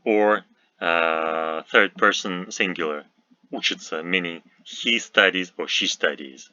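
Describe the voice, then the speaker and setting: A man teaching a recorded language lesson, speaking carefully with frequent pauses, fillers and restarts. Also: low-pitched, pushed and bright, no room sound, dull audio.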